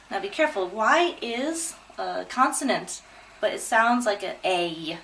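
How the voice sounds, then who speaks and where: A woman teaching pronunciation, drawing out each word slowly and clearly. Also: fairly high pitch, expressive, fairly bright tone, far from the mic, slight background noise, poor audio. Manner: slow, drawn-out, over-articulated. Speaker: English pronunciation tutor. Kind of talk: demo pronunciation lesson.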